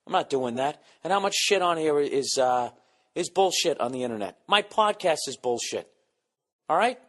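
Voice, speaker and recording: A man's voice: fairly high pitch, lively intonation, moderate pace, a bit bright. A middle-aged man hosting a podcast, with a Boston accent, ranting in a profane, sarcastic, comedic monologue. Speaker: podcast host.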